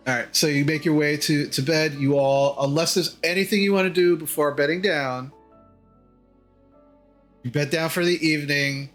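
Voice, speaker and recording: A man narrating a tabletop game as game master. He talks in a slightly high voice, hesitant and filled with ums and restarts. Faint music plays underneath. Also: moderate pace, a bit bright.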